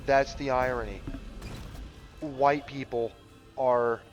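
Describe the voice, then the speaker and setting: Male gamer talking slowly and loosely, many fillers and curses, easygoing rambling chat. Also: mid-range voice, fairly even intonation, lo-fi sound, soft background music. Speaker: gamer commentating a playthrough.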